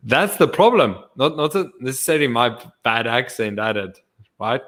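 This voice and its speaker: Man, podcast host, casual chat, profane, stammering restarts, mid pitch. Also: lively intonation, moderate pace, fairly bright tone. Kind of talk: casual chat over drinks.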